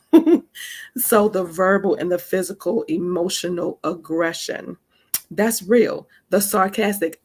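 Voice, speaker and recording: Woman, gravelly and husky, chatty teacher who keeps checking in with listeners. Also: lowish voice. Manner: conversational, addresses listeners directly with frequent asides; emphatic, laughs between points. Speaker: spiritual teacher. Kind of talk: casual teaching talk.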